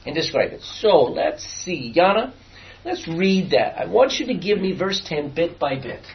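Lively Bible study teacher, heard from afar. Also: medium pitch, measured pace, slight background noise. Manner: lively, explains and quizzes the class. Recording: distant, dull lo-fi room recording.

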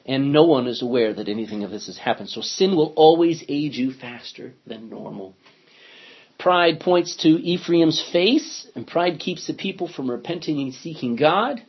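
In an interactive Bible study, a male pastor teaches in a relaxed, chatty way, reading scripture aloud and asking his class questions. His husky voice sits on the high side, with lively intonation and a normal pace. The audio is dull and lo-fi.

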